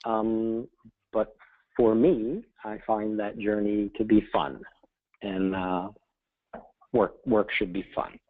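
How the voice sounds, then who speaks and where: A man speaking briefly on a webinar panel, unhurried with fillers, over tinny phone-line audio. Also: fairly low pitch, fairly even intonation.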